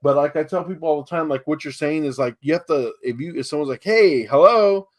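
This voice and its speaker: Fast and high-pitched but darkish in tone, this San Antonio man tells meandering real estate stories in casual podcast talk. Filler words pile up as he performs the dialogue of the people involved.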